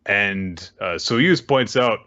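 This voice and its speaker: A man's voice: lowish voice, expressive, slow pace, bright, forceful tone. A man recapping a manga chapter in a casual chat and acting out the characters' lines with animation. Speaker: podcast co-host. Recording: dull lo-fi audio.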